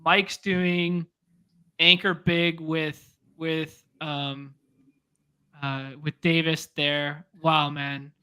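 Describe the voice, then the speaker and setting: Eager guy thinking out loud on a fantasy sports show, kinda high and bright. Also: flat delivery, clear, resonant tone. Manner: eager, quick, thinks aloud. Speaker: fantasy sports podcast host. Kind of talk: casual chat.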